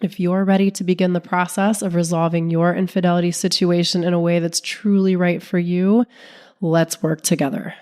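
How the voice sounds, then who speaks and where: A woman relationship coach hosting her own podcast, talking calmly and steadily while sick, her voice sounding off from illness. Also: fairly low pitch, moderate pace, clear, resonant tone. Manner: calm, steady, non-judgmental explaining. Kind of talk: solo podcast talk.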